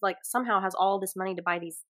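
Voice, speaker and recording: A woman's voice: mid-range voice, fast talker, fairly bright tone. A woman with a Southern US accent, co-hosting a podcast in casual chat, talking in a reflective, earnest way that trails off with fillers. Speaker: podcast co-host.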